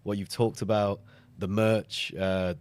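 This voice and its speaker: A man's voice: lowish voice, level tone, slow, darkish tone. A man hosting a casual video interview podcast, chatty and upbeat, with many fillers and repeated words. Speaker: podcast host.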